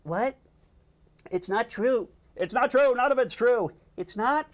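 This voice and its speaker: A man voicing a panicky, high-voiced male cartoon sea sponge while acting out a storyboard pitch, talking frantically. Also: expressive, measured pace. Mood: disbelieving. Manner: frantic shrieking, disbelieving.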